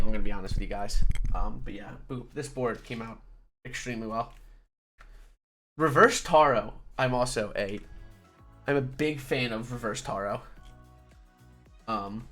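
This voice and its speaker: A male streamer chatting loosely to his viewers, restarting his sentences as he goes. His voice is bright and forward, and his pitch sits in the middle. He is close on a condenser mic, with soft music underneath. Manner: rambling, laid-back, self-correcting. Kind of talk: casual livestream chat. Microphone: studio condenser mic.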